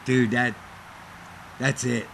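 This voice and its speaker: A man's voice: mid-range voice, slow pace, gravelly, slight background noise. A middle-aged man, a former wrestler, telling stories in a casual interview and acting out the other people's lines as he goes. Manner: animated storyteller who acts out other people's lines.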